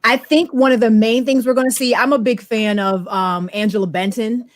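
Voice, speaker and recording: A middle-aged woman guest telling her career story in an animated way, acting out the voices in her anecdotes. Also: a little high, moderate pace, dry recording, studio quality. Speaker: guest, technology media expert. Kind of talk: storytelling interview talk.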